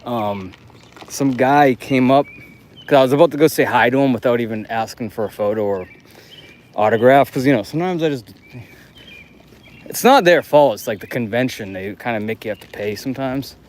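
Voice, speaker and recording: A man from the United States livestreams as he walks city streets at night, his medium-pitched voice a little mellow and at a normal speed. His chat is loose and rambling, with frequent laughter and swearing.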